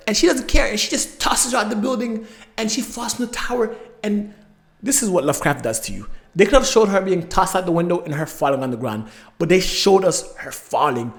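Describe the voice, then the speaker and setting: Man, high voice, animated show recap, acts out his reactions. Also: a little fast. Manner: animated, emotional storytelling with acted-out reactions. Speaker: host. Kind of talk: excited episode recap.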